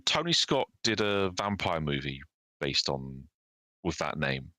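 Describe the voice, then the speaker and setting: Man, podcast co-host, very low voice, bright edge, wry casual chat. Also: big pitch swings, unhurried, dry recording, rough recording.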